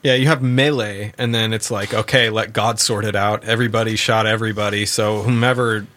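A man's voice: lowish voice, fairly even intonation, brisk, fairly bright tone, dry recording. A man co-hosting a political talk show, wry and sarcastic. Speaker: co-host.

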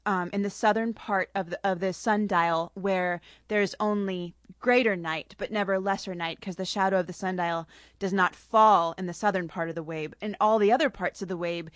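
A woman's voice: lowish voice, fairly even intonation, moderate pace, dry recording. Woman author, casual chat, laughs often, dry close studio mic. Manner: chatty with frequent laughs. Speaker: author guest. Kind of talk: casual chat, then reading her story.

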